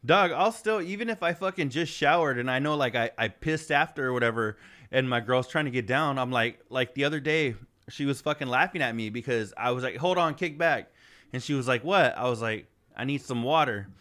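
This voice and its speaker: A man hosting a loose, foul-mouthed podcast chat, spinning a crude story and breaking into laughter. His voice sits at an ordinary middle pitch, and when he quotes other people his voice jumps higher and louder. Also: brisk. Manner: laughing, swearing, quoting others in raised voice. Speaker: podcast host.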